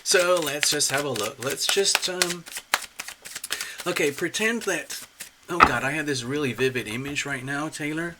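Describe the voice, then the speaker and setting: A man hosting a live-stream tarot reading, chatty and excitable, talking straight to viewers and clients. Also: a little high, measured pace, heavy background noise. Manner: chatty, excitable, laughs often. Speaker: tarot reader, channel host.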